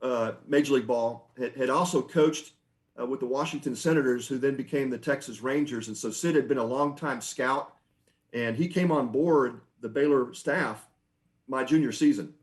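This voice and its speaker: A middle-aged man, a former baseball pitcher, telling stories on a podcast in a relaxed, chatty way. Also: normal speed. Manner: relaxed, anecdotal, frequent restarts and laughs. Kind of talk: conversational storytelling.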